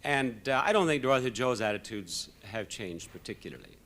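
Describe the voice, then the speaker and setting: A man's voice: mid-range voice, animated, a little fast, a bit bright. A man on a TV game show as a contestant, rambling and hesitant with a wry edge. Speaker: celebrity contestant.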